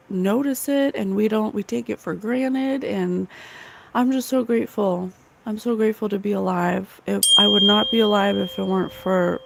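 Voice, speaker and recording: A woman's voice: medium pitch, vocal fry, very noisy. A woman hosting a psychic livestream, chatting earnestly and emotionally with viewers in the chat. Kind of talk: casual spiritual livestream chat.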